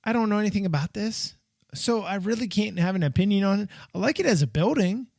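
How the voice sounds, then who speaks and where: A middle-aged man with a high, gravelly voice hosts a podcast in loose, casual commentary. He is blunt and dismissive, with sarcastic asides. The sound is close and dry. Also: expressive, fast, a little mellow, no echo. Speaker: podcast host.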